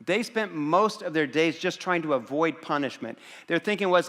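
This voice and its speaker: A man's voice: a little high, lively intonation, normal speed, few pauses, fairly bright tone, big-room sound. A male pastor preaching a sermon to a congregation in a conversational way, asking the audience rhetorical questions and often repeating words as he restarts. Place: church auditorium before a congregation.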